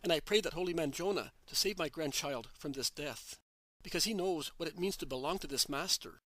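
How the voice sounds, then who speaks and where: A man's voice: fairly high pitch, brisk, a bit bright, no room sound. A man reading as a guttural, tearful old grandfather. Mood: grateful. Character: elderly grandfather, a poor peasant, tearful.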